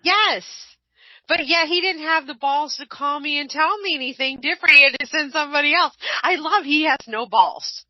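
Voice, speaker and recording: A woman hosting an online radio show in casual chat, blunt and animated, swearing freely. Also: sits high, moderate pace, no echo. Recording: dull lo-fi online radio, dry.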